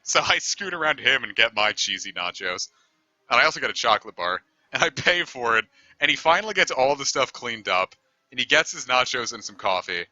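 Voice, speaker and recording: A man's voice: mid-range voice, sing-song, a little fast, pushed and bright, no room sound, dull audio. A man streaming a game, telling a long story in a rambling, easygoing way and swearing casually. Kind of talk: casual storytelling over gameplay.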